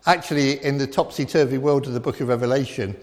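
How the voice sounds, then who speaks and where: A middle-aged man preaching a sermon in a church, emphatic and repetitive, swinging between loud declarations and quiet reflection. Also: medium pitch, steady tone, fast. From England. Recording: long reverb of a church hall.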